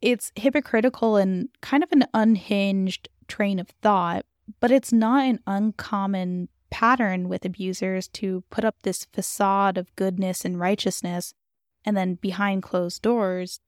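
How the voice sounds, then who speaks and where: A woman's voice: mid-range voice, steady tone, unhurried, darkish tone, dry recording, clean studio sound. Earnest woman discussing a book. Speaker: book reviewer host. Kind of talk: reading aloud and discussing a book.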